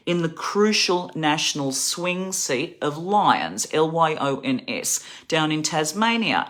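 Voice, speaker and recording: A woman's voice: low voice, fairly bright tone. A middle-aged woman with an Australian accent, ranting angrily and profanely about politics to her viewers, sounding tired. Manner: angry, profane, rambling. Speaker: livestreamer. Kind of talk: political rant to camera.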